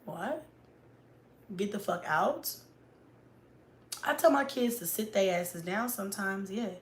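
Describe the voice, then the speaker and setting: A mom vlogger in her thirties chats casually in a livestream style, blunt and profane as she talks back to critics. Her mid-range voice is slow, the sound is roomy, and there's slight background noise.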